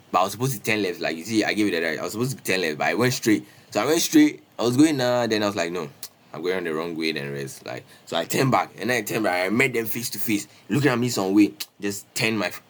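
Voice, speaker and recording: Young man, streamer, lively casual storyteller, repeats himself, slangy. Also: on the low side. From Ghana. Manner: animated, repetitive, peppers talk with "bro" and "Charlie".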